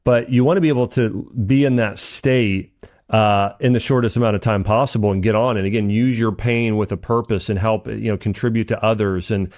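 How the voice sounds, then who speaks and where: A man hosting a podcast interview who speaks haltingly, with many restarts while he forms his thoughts. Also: lowish voice, fairly even intonation, darkish tone. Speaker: podcast host. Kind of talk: interview conversation.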